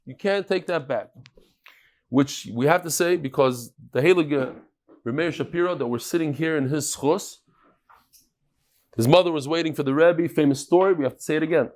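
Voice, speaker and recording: Speaking at normal speed in a higher register, a man teaches his daily Talmud class with a relaxed, lively energy. He sprinkles Hebrew, Aramaic and Yiddish terms into his English and acts out stories with quoted voices.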